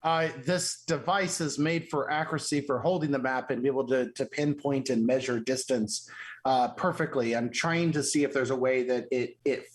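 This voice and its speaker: A man's voice: mid-range voice, fairly even intonation, moderate pace. A man playing a tabletop game, eager and giggly as he describes what his character does. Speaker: player.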